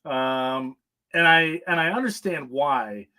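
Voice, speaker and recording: A man's voice: fairly high pitch, slow pace, pushed and bright. A man co-hosting an online show, chatting casually and muttering to himself as he looks for his notes. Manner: muttering to himself while scrolling. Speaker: co-host. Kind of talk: casual chat.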